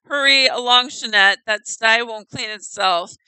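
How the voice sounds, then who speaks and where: A woman reading the lines of a bossy male farm master in a game, brisk and lightly patronising. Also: fairly high pitch, pushed and bright, clean tone, dry recording, full character voice, poor audio.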